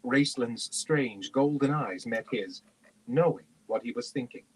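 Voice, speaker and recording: Husky man reading a novel aloud. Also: medium pitch, measured pace, rough recording. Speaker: reader on a book stream.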